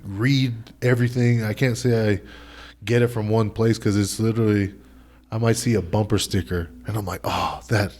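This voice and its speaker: A man's voice: lowish voice, fairly even intonation, moderate pace, darkish tone. A young man talking casually as a podcast guest, loose and slangy, full of fillers and restarts. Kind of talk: casual chat.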